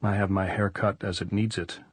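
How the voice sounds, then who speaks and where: A man's voice: deep voice, flat delivery, normal speed, breathy edge, no room sound. A man voicing a reserved young demolition expert who answers tersely and guardedly in an audiobook.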